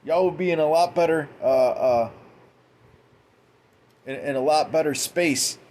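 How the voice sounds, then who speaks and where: A man's voice: fairly high pitch, a little slow, darkish tone, a little hiss or hum. A man giving a profane, mocking late-night commentary monologue, quoting scripture in a preachy way. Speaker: commentary host.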